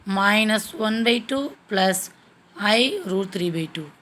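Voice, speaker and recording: A woman's voice: medium pitch, lively intonation, slow, a bit bright. A woman teaching a maths lesson step by step, checking in with frequent "okay"s. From India.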